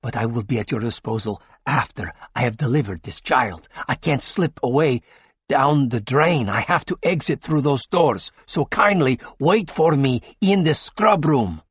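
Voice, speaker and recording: A man voicing a courtly, composed alien male doctor who speaks softly to patients and formally to intruders. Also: medium pitch, animated, unhurried, husky, no echo. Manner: soft and soothing to patients, sharp when ordering.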